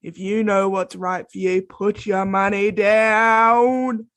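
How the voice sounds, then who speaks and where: A woman at a tabletop game doing brash ring-announcer patter for her fighter. She talks slowly, drawing out her words, and swears freely. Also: mid-range voice, level tone, a bit bright. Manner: brash hype-man patter. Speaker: player. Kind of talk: playing a tabletop game in character.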